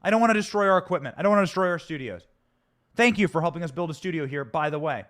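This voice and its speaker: A man's voice: fairly high pitch, animated, racing, fairly bright tone. A man hosting a political commentary show, ranting in an angry, emphatic and theatrical way from a studio. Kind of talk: heated political commentary rant.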